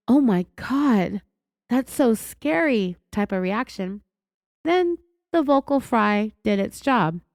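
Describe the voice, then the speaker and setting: A woman with a California accent hosting a true crime podcast, raspy from being sick, telling the story in an indignant, sarcastic way. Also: on the high side, no echo, studio quality. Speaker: podcast host.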